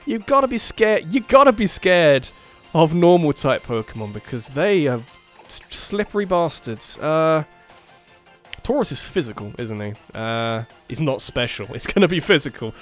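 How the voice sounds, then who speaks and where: A man talking through a game as he plays, his voice climbing high and dropping low as he swings between quiet planning and sudden excited outbursts. He laughs often and thinks out loud, with light music playing faintly behind him. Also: normal speed. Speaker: let's play gamer. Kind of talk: casual game commentary.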